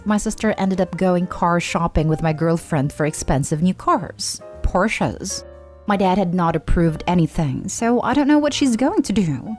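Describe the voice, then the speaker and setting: A woman in her twenties reads an online advice post aloud. Her delivery is plain and even, and her voice sits a little low. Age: 20s. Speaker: storyteller.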